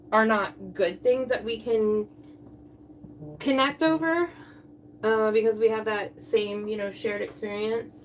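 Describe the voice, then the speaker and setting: A woman's voice: mid-range voice, darkish tone, a little hiss or hum. A woman hosting a crafting channel, chatting casually and a bit out of breath, rambling with lots of ums. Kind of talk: casual live chat while crafting.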